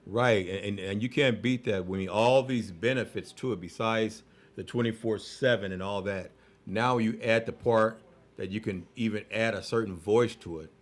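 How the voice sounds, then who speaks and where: A man hosting a radio talk show in a lowish voice. He is chatty and enthusiastic, with plenty of animated reactions to his guest. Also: normal speed. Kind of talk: radio interview.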